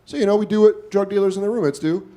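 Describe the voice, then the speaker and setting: A man in his forties doing stand-up, telling a story in a loose, profane, self-mocking way with quick asides. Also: sits high. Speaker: stand-up comedian. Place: comedy club stage. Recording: live club with loud crowd laughter.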